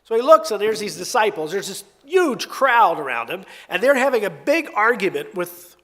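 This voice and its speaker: A man preaching a sermon in an expressive, conversational storytelling way with emphatic swings. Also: sits high, moderate pace. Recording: long hall reverb.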